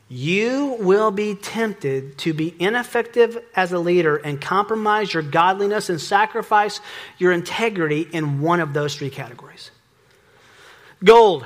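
A middle-aged man preaching a sermon as pastor, lively and joking, acting out little exchanges. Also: high-pitched. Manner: lively, joking, acts out dialogue.

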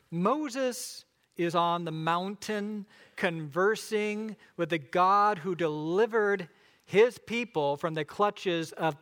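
A male preacher with a notably high voice delivers a sermon. He tells the story with dramatic flair and keeps putting questions to his listeners. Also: a bit bright.

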